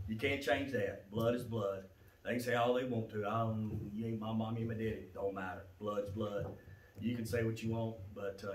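A male pastor preaching a sermon, swinging from low, quiet passages to loud shouted ones. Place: church sanctuary. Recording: echoey church sanctuary, mic at a distance.

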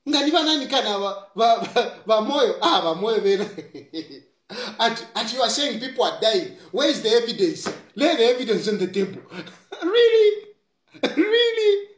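A man's voice: high voice, expressive, moderate pace, fairly bright tone. A Zambian-accented man giving impassioned political commentary, scolding and repeating his points, switching between English and Bemba. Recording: roomy echo.

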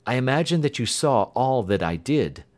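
A man reading an audiobook who voices a keen, confident Victorian male detective, raising his voice and explaining briskly. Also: medium pitch, pitched above the performer's own voice, natural voice. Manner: brisk, lively, lecturing.

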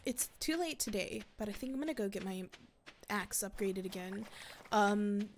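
A woman's voice: mid-range voice, lively intonation, normal speed, slight background noise. A woman giving casual gameplay commentary as a let's play creator, rambling and thinking aloud with frequent laughs. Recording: loud mouse and keyboard clicks.

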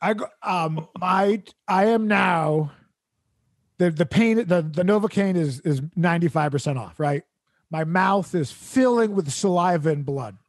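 A man's voice: sits high, unhurried, no room sound, studio quality. A man hosting a comedy podcast, telling a rambling, exasperated story with laughs mixed into his sentences.

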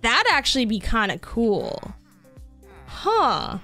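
Chatty high-voiced woman streamer. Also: big pitch swings, moderate pace, fairly bright tone, soft background music. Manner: chatty and upbeat, many fillers, reads chat aloud. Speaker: streamer playing a building game. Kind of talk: casual live-stream chat.

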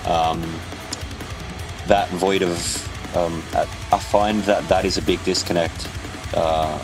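Male guest, very low voice, halting and impassioned, music bed behind. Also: fairly even intonation, rough recording. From Australia. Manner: halting, restarts a lot, swears, impassioned. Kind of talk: casual podcast interview chat.

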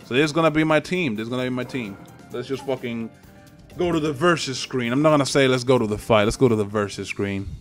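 A man's voice: mid-range voice, fast talker, faint music behind. A young man with a Spanish accent giving loose, profane, trash-talking commentary while he plays a fighting game online. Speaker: gaming channel host. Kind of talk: live gameplay commentary.

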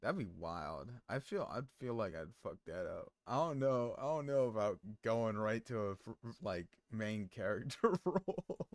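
A man's voice: on the low side, sing-song, moderate pace, hardly any pauses, no echo. A man streaming, chatting casually with his viewers in a rambling way full of fillers and restarts. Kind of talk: casual stream chat, reading chat aloud.

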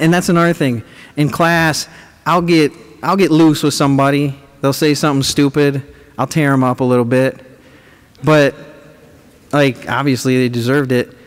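A man giving a comedic, sarcastic lecture to students as a professor, animated and teasing the audience. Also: mid-range voice. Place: large lecture auditorium. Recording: echoey hall recording, faint room noise.

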